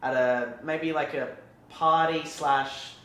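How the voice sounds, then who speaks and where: A man hosting a podcast in casual chat, relaxed, setting up scenarios with plenty of fillers. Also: a little high, slow pace. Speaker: podcast host. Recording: roomy echo, distant mic.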